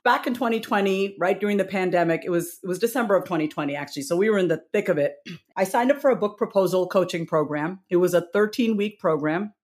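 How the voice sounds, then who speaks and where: A woman's voice: fairly low pitch, fast talker, a little mellow. A woman who is an author and guest on a podcast, talking candidly and animatedly, often laughing. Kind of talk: casual interview chat.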